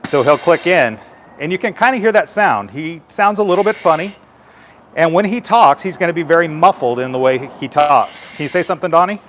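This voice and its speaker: A man's voice: fairly high pitch, expressive, a little fast, a bit bright. A man, a firefighter, giving a live station tour and patiently explaining equipment to children in simple terms.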